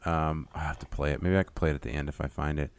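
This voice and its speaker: A man's voice: a bass voice, very fast, clear, resonant tone, no room sound. A young man co-hosting a podcast, joking casually with some swearing. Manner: joking, profane, lively. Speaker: podcast co-host. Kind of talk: casual chat.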